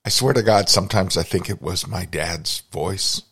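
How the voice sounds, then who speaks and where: A man's voice: sits low, moderate pace, vocal fry, fairly bright tone, husky. A man hosting a podcast, telling a personal story in a reflective, confessional way. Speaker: podcast host.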